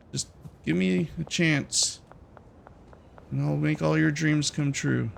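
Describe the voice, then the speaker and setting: Gravelly young man narrating gameplay. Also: a little high, expressive, measured pace, slight background noise. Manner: jokey, nervous, talking to game characters. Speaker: gaming YouTuber. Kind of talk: casual game commentary.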